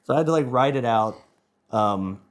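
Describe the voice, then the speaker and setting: Excitable rambling man telling a story. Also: mid-range voice, normal speed. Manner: excitable, rambling, swears freely. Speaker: guest band member. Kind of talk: casual anecdote telling.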